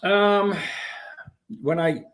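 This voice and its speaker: A man telling his own story as an interview guest, animated and profane, with many restarts. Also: sits high, very slow.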